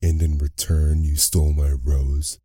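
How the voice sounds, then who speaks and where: A man's voice: very deep voice, fairly even intonation, slow pace, mellow, breathy edge, no room sound, studio quality, heavily acted. A man voicing a huge, ugly, furious beast who growls and spits out his words in a bedtime story reading. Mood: raging.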